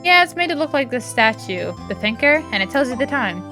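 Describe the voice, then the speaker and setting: A woman voicing a composed young woman lawyer who gently teases her younger sister, read aloud from a game. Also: high-pitched, sing-song, a little fast, music in the background. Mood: calm teasing.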